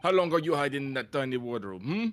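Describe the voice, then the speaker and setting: A man's voice: medium pitch, big pitch swings, fast talker, natural voice. A man voicing a stern male ship officer in a mock Russian accent, making accusations in broken English, reading for a video game. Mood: menacing.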